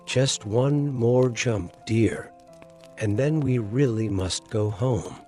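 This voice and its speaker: A man's voice: mid-range voice, lively intonation, slow pace, darkish tone, faint music behind. A man doing a fussing mother kangaroo.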